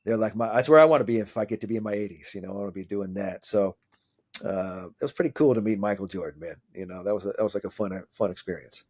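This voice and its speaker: A man in his forties with a lowish voice talks in a loose, animated way, cursing casually and slipping into quoted dialogue. He speaks as a coach in a relaxed podcast interview. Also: fast talker, breathy edge. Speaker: mental skills coach.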